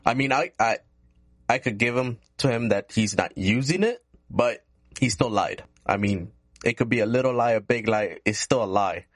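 A man's voice: medium pitch, normal speed, dry recording. A man co-hosting a casual political chat podcast, speaking plainly and often chiming in with short replies. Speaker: podcast co-host.

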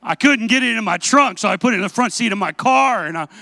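A man preaching a sermon, telling a self-mocking story with animated delivery and asking the congregation questions. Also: high-pitched, quick pace, creaky, no echo.

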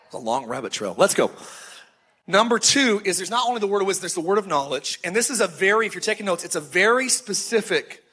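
A male preacher with a high, bright voice and a husky edge. He tells stories casually and slows down hard on the lines he wants to land. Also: very animated. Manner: conversational storytelling with emphatic slowed phrases. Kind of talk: sermon.

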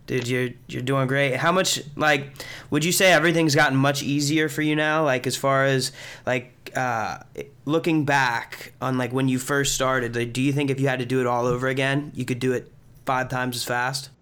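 Young man, podcast host, casual interview chat, upbeat, encouraging, smooth clear voice. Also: medium pitch, steady tone, moderate pace, a bit bright. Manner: upbeat, encouraging, says dude a lot.

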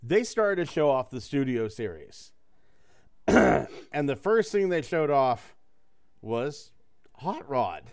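A man's voice: mid-range voice, big pitch swings, slow pace, pauses often, clean tone. A man co-hosting a casual podcast chat, rambling and joking, swearing freely.

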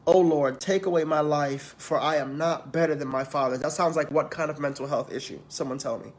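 A man's voice: on the high side, steady tone, a little fast. A man preaching, reading scripture aloud and talking to the congregation in a conversational way. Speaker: preacher and counselor in training.

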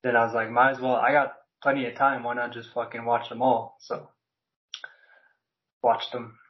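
A man's voice: mid-range voice, flat delivery, normal speed, highs cut off. Laid-back man in casual chat. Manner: laid-back, casual swearing, many "like" fillers. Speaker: podcast guest.

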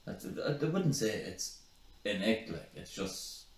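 Low-voiced, mumbling podcast man. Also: very animated, unhurried, roomy sound. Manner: swearing, hesitant, mumbling asides. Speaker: podcast co-host. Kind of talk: casual banter.

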